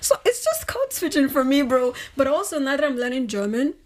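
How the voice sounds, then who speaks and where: Animated young Nigerian-born woman. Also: high voice, brisk. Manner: animated, laughing, code-switching storyteller. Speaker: conversation participant. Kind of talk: casual chat.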